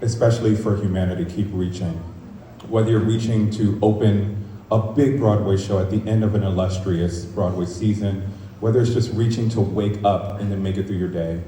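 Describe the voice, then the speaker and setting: Man, heartfelt speech, joking, lower voice, echoey hall, background noise. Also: fairly even intonation, moderate pace, warm tone. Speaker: speech giver at opening night. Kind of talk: emotional public speech. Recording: very echoey, distant, noisy.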